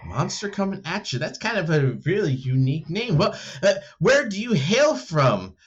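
Rambling, lively-voiced man in role-play. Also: normal speed, slightly rough, dull audio. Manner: rambling and laughing, with many fillers and restarts; voices other characters with higher, animated pitch. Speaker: tabletop game player. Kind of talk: in-character role-play storytelling.

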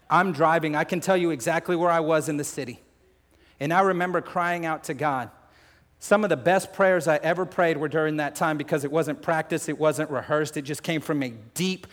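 A man preaching a sermon, emotional, shifting between loud urgency and hushed confession, talking to the crowd as folks and family. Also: fairly high pitch. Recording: long hall reverb.

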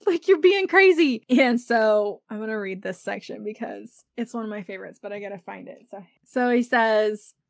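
A woman's voice: mid-range voice, fairly even intonation, normal speed, creaky, hardly any pauses, no room sound, clean studio sound. A woman hosting a livestreamed book club, talking casually and chattily with many "like" fillers.

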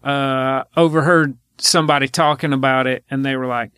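A man hosting a podcast in casual chat, telling rambling, drawn-out stories. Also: mid-range voice, steady tone, a bit bright, smooth, no room sound, clean studio sound. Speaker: podcast host.

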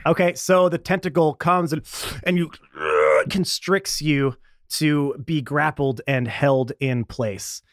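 A man's voice: fairly high pitch, slow pace, dry recording, clean studio sound. A man acting as game master, narrating a tabletop game with vivid descriptions of combat.

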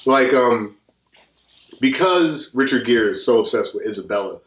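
A man's voice: medium pitch, animated, normal speed, a little hiss or hum. A man co-hosting a casual film review chat, rambling loosely with lots of fillers and frequent laughs. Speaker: podcast co-host. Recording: echoey room.

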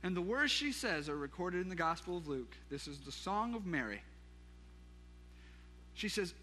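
A pastor preaching a sermon, retelling a scripture story in a lively way with asides to the congregation. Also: male voice, sits high, normal speed, long pauses, long reverb tail.

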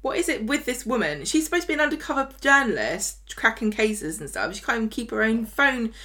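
A woman's voice: a little high, very animated, pushed and bright. A woman co-hosting a podcast, recapping a soap opera in casual, sarcastic chat. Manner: chatty, sarcastic, mocks characters in quick asides. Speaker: podcast co-host.

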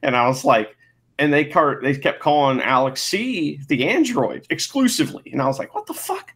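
A man's voice: on the high side, lively intonation, normal speed, fairly bright tone, breathy edge. A man co-hosting a podcast in casual chat, laughing often and making sarcastic asides. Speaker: podcast co-host.

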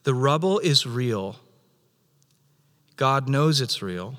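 Animated preacher in a reverberant hall. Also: male voice, mid-range voice, slow pace. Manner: animated, acts out God's voice in quotes. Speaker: pastor. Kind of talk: sermon.

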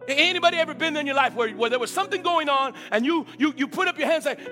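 A man preaching a sermon with enthusiasm, repeating words and swinging between loud calls and low murmurs. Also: expressive, very fast, hardly any pauses, big-room sound, faint music behind.

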